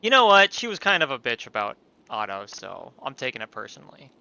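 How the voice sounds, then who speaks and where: A man giving sweary, animated gameplay commentary with laughing asides. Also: mid-range voice, brisk, gravelly, dry recording, lo-fi sound. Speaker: let's play streamer.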